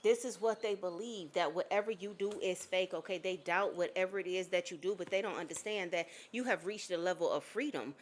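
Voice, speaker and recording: A woman's voice: on the low side, fairly quick, few pauses, slight background noise. A woman giving a spiritual reading to an unseen viewer, emphatic and blunt, swearing casually and checking in again and again with "okay?". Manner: emphatic, keeps checking in with "okay?" and "all right?". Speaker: psychic reader.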